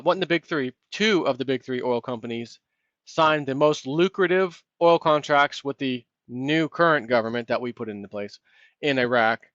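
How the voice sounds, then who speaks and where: A man's voice: mid-range voice, fairly bright tone, dry recording. A man hosting his own commentary vlog, ranting sarcastically about politics. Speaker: vlog host. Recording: dull, lo-fi, dry.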